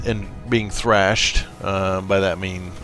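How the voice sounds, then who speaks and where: A man's voice: low-pitched, fairly even intonation, slow, fairly bright tone, faint music behind. A man casually commenting on his gameplay, rambling into stories with many fillers and restarts, and talking straight to the viewers. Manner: coaching and encouraging, speaks straight to viewers. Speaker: let's play gamer.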